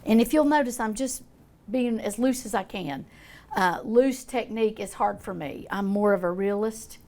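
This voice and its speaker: Folksy gravelly older woman teaching painting. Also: mid-range voice, moderate pace, darkish tone. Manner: chatty, folksy, thinking aloud while painting. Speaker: art teacher. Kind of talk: painting demonstration.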